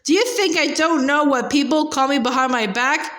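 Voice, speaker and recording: A woman's voice: high voice, normal speed, a bit bright, reverberant. A woman voicing the sulky, tearful ghost of a young girl in a storybook reading.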